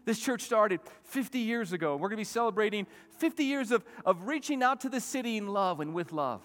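A male pastor preaching a sermon, swinging from loud, emphatic peaks down to soft, quiet asides. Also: high-pitched, sing-song, moderate pace. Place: church sanctuary. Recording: long reverb of a church hall.

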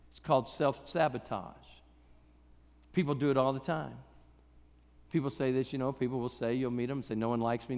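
A middle-aged male pastor preaching in a loose, conversational style, slipping in jokes before pressing his points hard. His voice sits high, and a long hall reverb trails behind every phrase from the live church service. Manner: conversational preaching with humor and rising emphasis. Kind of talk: sermon.

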